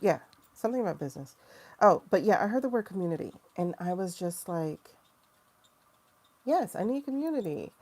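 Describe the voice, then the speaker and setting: A woman's voice: on the low side, animated, a little fast, a little mellow. A woman in her forties hosting a livestream, chatting loosely and emotionally while reading tarot cards and answering viewer comments. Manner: chatty, rambling and emotional, reacting to chat comments. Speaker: tarot reader and livestream host.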